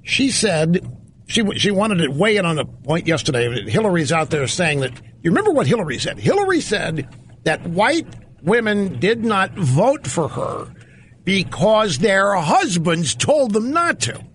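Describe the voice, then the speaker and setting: A man's voice: sits high, sing-song, measured pace, a bit bright, slight background noise. A man hosting a call-in radio talk show, emphatic and incredulous as he talks with callers. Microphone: studio microphone.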